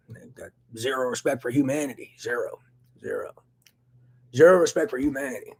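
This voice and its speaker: A man ranting angrily into the camera in a profane, agitated monologue, swinging between loud outbursts and low muttering. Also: sing-song, normal speed, vocal fry, long pauses, husky. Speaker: vlogger.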